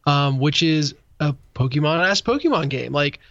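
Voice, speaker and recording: A man's voice: a little high, lively intonation, moderate pace, fairly bright tone, dry recording, lo-fi sound. A man co-hosting a casual tech podcast, rambling through explanations with many fillers. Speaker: podcast co-host.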